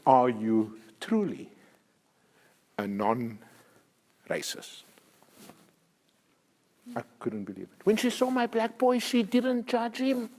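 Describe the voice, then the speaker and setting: An older man with a South African accent, telling stories to parents as a guest speaker, animated and emphatic, laughing often. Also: high-pitched, slow pace, pauses often, big-room sound, slight background noise. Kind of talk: storytelling talk to parents. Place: school hall.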